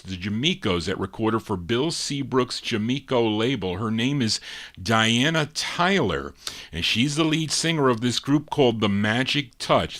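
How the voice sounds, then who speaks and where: A male DJ on a live record show, speaking in a slow, low-pitched voice. He reads out song details and dedications at an easy, unhurried pace. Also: fairly bright tone. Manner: unhurried, lists record details between songs. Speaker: radio DJ.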